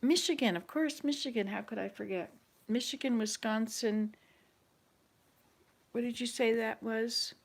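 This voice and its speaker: A woman's voice: on the high side, measured pace, gravelly, long pauses. A woman hosting a casual chat with online viewers, thinking aloud and hesitating as she searches her memory. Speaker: channel host.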